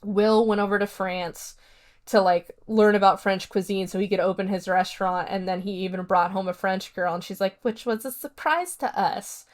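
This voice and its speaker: A woman's voice: mid-range voice, little pitch movement, moderate pace. A woman hosting a casual solo podcast, chatting through a horror film review in a rambling way with lots of fillers. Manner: retells scenes by acting out quotes.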